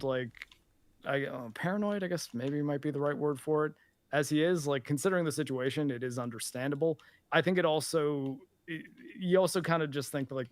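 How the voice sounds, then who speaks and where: A man co-hosting a podcast, discussing a film in a thoughtful, hedging way with many fillers. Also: a little high.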